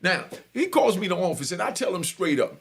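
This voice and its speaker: Fast, gravelly, animated male storyteller. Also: high-pitched. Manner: animated, keeps asking listeners if they follow. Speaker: storyteller and channel host. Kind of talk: casual spoken storytelling.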